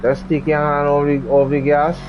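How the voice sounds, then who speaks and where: A man's voice: a little high, little pitch movement, normal speed, dull audio, noisy background. A man hosting a gaming channel, giving laid-back commentary while he drives, muttering and repeating himself. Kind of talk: casual gameplay commentary.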